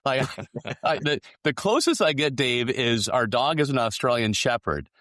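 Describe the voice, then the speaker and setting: A man's voice: medium pitch, expressive, measured pace, fairly bright tone, dry recording, studio quality. Self-mocking man on a talk panel. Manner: self-mocking, laughs along. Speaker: panelist, former party leader. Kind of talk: casual panel chat.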